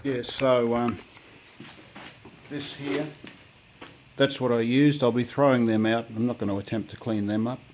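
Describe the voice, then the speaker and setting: Casual home handyman, mid pitch, talks in loose restarts. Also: fairly even intonation, measured pace, long pauses, darkish tone, slight background noise. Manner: rambling, many ums and restarts. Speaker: home DIYer. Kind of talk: casual DIY walkthrough.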